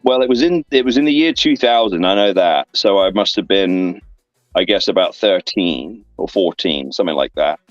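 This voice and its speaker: Rambling lower-voiced English man telling stories. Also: moderate pace, no room sound, lo-fi sound, soft background music. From England. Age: 30s. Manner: rambling, filler-heavy anecdotes with lively voiced asides. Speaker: guest, professional wrestler. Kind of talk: casual storytelling interview. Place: online interview stream.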